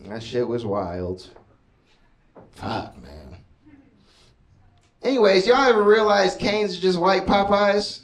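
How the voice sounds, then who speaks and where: A man's voice: high-pitched, very animated, slow, pauses often, far from the mic, background noise. A man doing a stand-up comedy set, telling loose stories full of swearing and offhand asides. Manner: loose storytelling, profane, laid-back asides.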